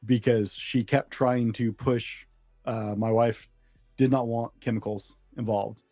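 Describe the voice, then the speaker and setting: A male podcast host speaks bluntly in a warm, mellow voice. The recording is dry and close, with faint music underneath. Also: medium pitch, steady tone, slow pace, no echo. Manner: blunt, forceful storytelling. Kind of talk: podcast interview.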